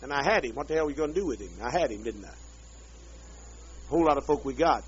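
A man rants at a gathered group, bitter and profane, dragging out his words in a slow drawl. The sound is muffled and lo-fi, like an old archive tape, with a faint hiss behind. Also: mid-range voice, expressive. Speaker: leader addressing a group. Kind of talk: angry profane rant.

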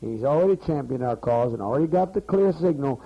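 A man's voice: mid-range voice, expressive, fairly quick. A man leading a community meeting, giving a rambling, profane, scolding speech to the people gathered there, heard on a muffled archival tape. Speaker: leader addressing a community meeting.

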